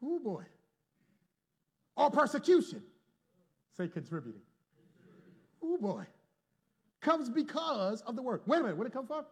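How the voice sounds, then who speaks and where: A man preaching a sermon to a congregation, calling for responses and swinging from loud to hushed. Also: very high-pitched, very animated, measured pace, long pauses, breathy edge. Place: church before a congregation.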